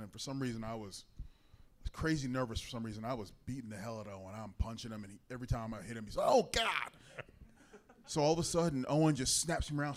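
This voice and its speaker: A man on a convention panel, telling a lively anecdote and acting out the voices of the people in it. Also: mid-range voice. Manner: animated anecdote teller, acts out voices. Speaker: wrestler panelist.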